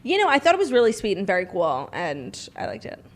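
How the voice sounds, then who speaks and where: A woman's voice: medium pitch, huge pitch swings, fast talker. A woman co-hosting a casual chat show, playful and chatty, sometimes mimicking a prince. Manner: playful, chatty, slips into a mock British prince voice. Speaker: podcast co-host. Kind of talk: casual chat with comic royal impressions.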